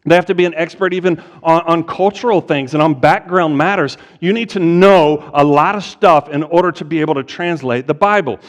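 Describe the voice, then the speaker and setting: Man, pastor, teaching sermon, slightly high voice, rhetorical questions, long church reverb. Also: brisk, few pauses. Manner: explanatory, asks the audience rhetorical questions. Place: church sanctuary.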